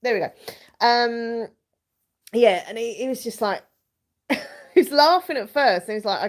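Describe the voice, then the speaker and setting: A woman's voice: on the high side, expressive, measured pace, long pauses. A young woman hosting a casual live chat from home, rambling and giggling as she reads viewers' comments. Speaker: live stream host.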